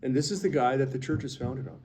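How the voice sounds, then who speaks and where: Man, co-host, casual discussion, playful, joking, mid-pitched voice. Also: fast, a little mellow, a little hiss or hum. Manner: playful, jokes around.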